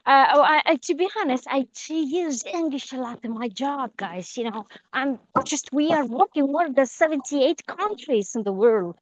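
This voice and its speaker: High-voiced woman, hesitant, lo-fi call. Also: animated, normal speed, few pauses, dry recording. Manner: hesitant, many restarts and fillers in non-native English. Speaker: class student. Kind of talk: casual chat in a class. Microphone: video call.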